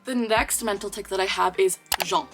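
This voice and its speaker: A woman's voice: medium pitch, moderate pace, music in the background. A young woman talking casually to her viewers, chatty and explaining things with frequent fillers. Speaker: video creator. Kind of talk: casual talk to camera.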